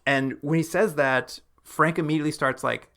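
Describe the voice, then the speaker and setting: A man co-hosting a film podcast, casually retelling scenes and slipping into quick acted-out lines of dialogue with lots of "like" fillers. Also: a little high, a bit bright. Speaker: podcast co-host.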